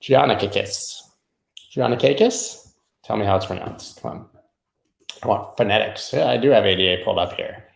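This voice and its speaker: A man talks through price charts in a loose, rambling way, tossing in irreverent jokes as he goes. His voice is gravelly and sits fairly low, and it rings a little in a roomy space. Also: quick pace. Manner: rambling, irreverent, jokey asides. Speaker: crypto market show host. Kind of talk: casual live chart analysis.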